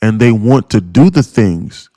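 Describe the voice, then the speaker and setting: A man's voice: lowish voice, animated, unhurried, dark tone, dry recording. A man streaming live as a day trading mentor, talking in a rambling, profane, casual way with lots of fillers. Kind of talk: casual livestream chat.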